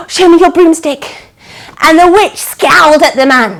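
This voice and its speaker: A woman teaching a storytelling yoga class for children, giving animated, coaxing instructions full of gasps and exclamations. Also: high voice, slow, rough recording.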